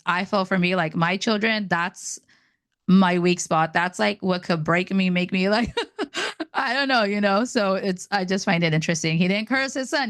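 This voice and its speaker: A woman's voice: medium pitch, fairly bright tone, no echo. A woman hosting a daily Bible reading, reading verses and adding chatty, laughing asides while stumbling over names. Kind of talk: casual Bible reading with commentary.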